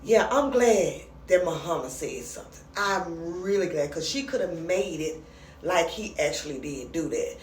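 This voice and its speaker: A woman chatting casually as she recaps a comedy skit, acting out the lines in lively voices. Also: lowish voice, moderate pace, far from the mic, slight background noise. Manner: chatty, retells scenes with animated quoted voices. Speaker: reaction commentator. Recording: roomy sound from off the mic.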